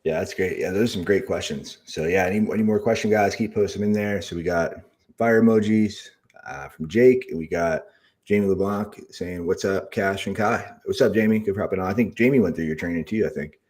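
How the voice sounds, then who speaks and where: A man hosting a live stream, relaxed and agreeable, reading out viewer comments and chiming in. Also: low-pitched, brisk. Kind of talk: casual live-stream interview.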